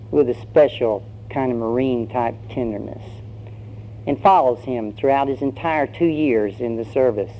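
A pastor preaching, telling a story in a conversational way with fillers. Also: male voice, medium pitch, gravelly, warm tone. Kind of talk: sermon with storytelling. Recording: dull lo-fi sermon recording, faint hum.

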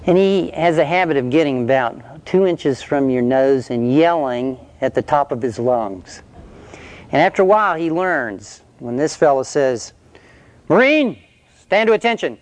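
A man's voice: mid-range voice, a little slow, a little mellow. A male preacher telling an illustration story in a conversational sermon, then leading a prayer.

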